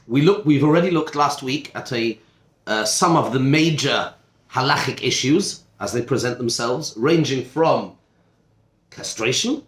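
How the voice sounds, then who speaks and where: A man in his role as rabbi talks through a lesson to a small seminar group. His voice sits at an ordinary middle pitch, and the room around him rings with noticeable echo. He speaks conversationally, breaking off mid-sentence for asides and quick checks with his listeners. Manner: conversational, self-interrupting, asides and rhetorical questions. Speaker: rabbi teaching a study group. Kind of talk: informal classroom lecture. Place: seminar classroom. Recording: echoey classroom.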